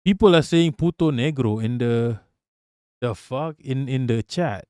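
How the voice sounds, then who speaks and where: A man's voice: mid-range voice, unhurried, darkish tone, clean tone, no echo. A man commenting on a video clip during a live stream, blunt and profane, often repeating himself when worked up.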